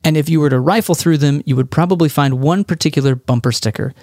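A man's voice: fairly high pitch, quick pace, a little mellow, no room sound, studio quality. A man from Texas hosting a podcast, talking through a monologue in a conversational, wry way. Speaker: podcast host.

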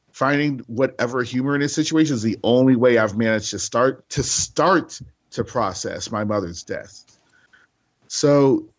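A male comedian guest on a podcast, speaking candidly and haltingly, with frequent restarts and fillers. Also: medium pitch, husky, highs cut off.

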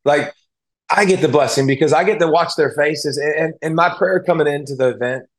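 A man speaks as an interview guest, his voice sitting a little high for a man. He tells his story earnestly and with feeling, restarting sentences as he goes. He sounds close to tears at times but keeps going. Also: a little fast. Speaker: guest, former football player and analyst. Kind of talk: casual interview talk.

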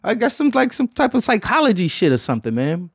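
A man from Detroit hosts a podcast in a loose, rambling chat, swearing freely and dropping "man" after nearly every thought. His voice sits fairly high for a man. The recording is close and dry, with no room sound. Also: huge pitch swings, fast talker, creaky, slightly rough, no room sound. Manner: rambling, profane, slangy, fills lines with "man". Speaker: podcast host. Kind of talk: casual chat.

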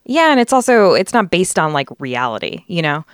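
A woman's voice: on the low side, very animated, fairly quick, clear, resonant tone, dry recording, clean studio sound. A woman from the United States hosting a podcast, chatting casually and laying out facts with frequent fillers. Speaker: podcast host. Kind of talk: casual podcast chat and research narration.

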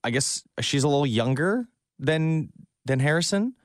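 A man's voice: on the high side, expressive, moderate pace, dry recording, clean studio sound. Enthusiastic male radio co-host. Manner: enthusiastic, chatty. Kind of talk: casual radio banter. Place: radio studio. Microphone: close studio mic.

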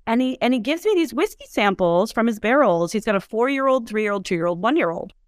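A woman's voice: fairly high pitch, fairly quick, no room sound, clean studio sound. A woman in her thirties from the United States, telling her story animatedly in a casual interview, full of "like" and acted-out quotes. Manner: animated, fillers like "like", acts out quotes. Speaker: whiskey entrepreneur guest.

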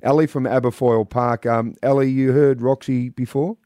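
This is an easygoing Australian man hosting morning radio. He chats casually with callers and his co-host. His voice is mid-pitched, and the studio sound is dry. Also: steady tone, moderate pace, mellow, dry recording. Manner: easygoing, chatty. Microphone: studio microphone.

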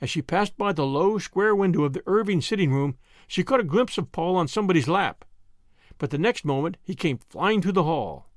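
An audiobook narrator reads a classic novel in scripted narration, his high voice moving with lively pitch and gentle, expressive storytelling. He speaks at normal speed, and the recording is close and dry with no room sound.

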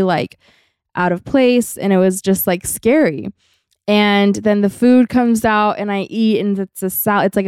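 A woman's voice: mid-range voice, darkish tone, clear, resonant tone, no echo, clean studio sound. A young woman co-hosting a podcast, telling a personal story in casual chat, full of "like" fillers. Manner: chatty, many "like" fillers. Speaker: podcast co-host.

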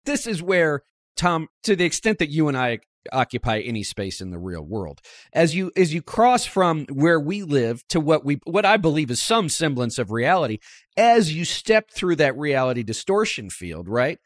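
A man's voice: on the high side, very animated, normal speed, no room sound, clean studio sound. A man hosting a podcast, chatting wryly about politics and slipping in quoted asides. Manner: conversational, wry, quotes people in asides. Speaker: podcast host. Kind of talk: casual political chat.

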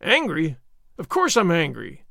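A man voicing a bold, commanding young male leader in an audiobook, forceful and quick to excitement. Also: on the high side, creaky, dry recording, clean studio sound, full character voice. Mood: indignant. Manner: forceful, rising to excited outbursts. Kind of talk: audiobook character reading.

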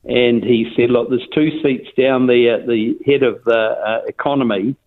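An older man with a New Zealand accent tells a long story over the phone, rambling and restarting his sentences. His voice sits at a middle pitch and comes through a thin, tinny phone line. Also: fairly even intonation, moderate pace. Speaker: interviewee. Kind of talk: phone interview, casual storytelling.

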